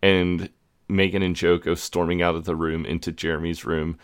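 A man's voice: sits low, flat delivery, normal speed, smooth. A British man co-hosting a podcast, telling a TV plot in a dry, matter-of-fact way. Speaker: podcast co-host. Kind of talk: casual chat recapping a TV episode.

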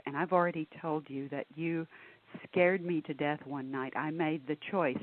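A woman hosting a radio interview, enthusiastic and quick to laugh. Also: low voice, steady tone. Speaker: radio host. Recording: tinny phone-like sound.

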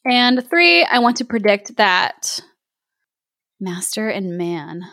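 A woman's voice: medium pitch, sing-song, slow pace, bright, forceful tone, no echo, clean studio sound. A woman co-hosting a podcast in casual chat, enthusiastic and laughing, with casual swearing. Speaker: podcast co-host, listener.

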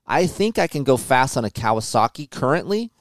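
A man hosting a motocross podcast, telling stories in a casual, animated way and swearing often. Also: mid-range voice, brisk, dry recording, clean studio sound. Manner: profane, animated storytelling. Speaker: podcast host, motocross test rider. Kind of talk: casual chat.

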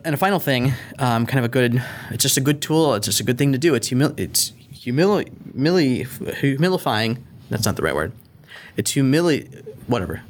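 A middle-aged man hosting a faith-based parenting podcast, earnest and animated, sometimes acting out an angry parent. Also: medium pitch, a little hiss or hum. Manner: earnest, animated, acts out yelling at his kids. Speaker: podcast host.

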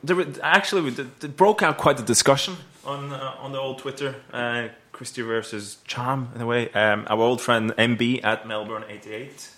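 A man's voice: mid-range voice, steady tone, normal speed, hardly any pauses, fairly bright tone. A man from Norway on a podcast panel, dry and self-deprecating, with hesitant restarts. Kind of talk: casual chat.

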